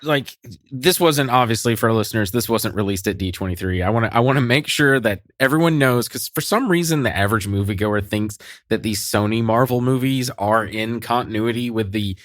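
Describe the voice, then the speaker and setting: A man's voice: lowish voice, a little fast, hardly any pauses, no room sound, studio quality. A man co-hosting a podcast, ranting cynically in casual chat, swearing and laughing often. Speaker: podcast co-host.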